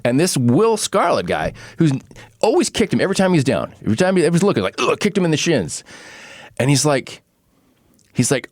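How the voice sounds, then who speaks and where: A man's voice: a little high, a little fast, no room sound, clean studio sound. A man hosting a podcast, telling stories casually and acting out quotes with frequent laughs. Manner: animated storyteller, acts out quotes, laughs often. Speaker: podcast host.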